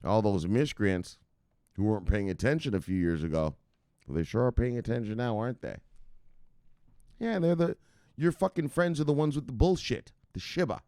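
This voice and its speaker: A man with a very low voice hosts a crypto stream from his home, swearing, laughing and shouting out his viewers. His pitch swings widely between mumbles and yells. The sound is close and dry. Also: lively intonation, normal speed, no echo. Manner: profane, shouts "bang" at viewers' names, laughs often. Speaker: crypto news host. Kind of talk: casual livestream rant.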